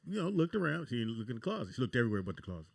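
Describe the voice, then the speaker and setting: A male host spins a story in a casual, unhurried way, dropping quoted lines as he goes. He talks at a brisk clip, and the sound is dry and close to the mic. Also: mid-range voice, very animated, vocal fry, no echo. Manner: laid-back storytelling with quoted asides. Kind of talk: casual chat.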